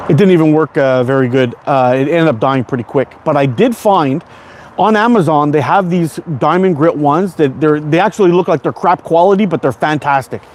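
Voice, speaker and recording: A man in his forties from Canada talks loosely and cheerfully, hosting a casual livestream and answering viewer comments one after another. His voice sits a bit high for a man, and he rambles and restarts as he goes. A faint hum of noise runs under the talk. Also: normal speed, darkish tone. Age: 40s. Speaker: livestream host.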